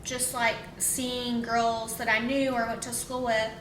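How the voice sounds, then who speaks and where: A woman's voice: flat delivery, unhurried, few pauses, a bit bright. A young woman, a vlogger, casually telling a personal story in a rambling, emotional way with many fillers. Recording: roomy echo, faint rumble.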